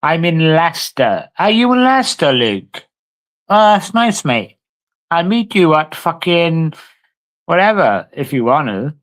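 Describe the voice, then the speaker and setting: A man's voice: fairly high pitch, sing-song, measured pace, a bit bright. A man, talking casually and swearing a lot as he answers a live stream chat. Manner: brash, sweary, talks back to chat. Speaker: livestreamer.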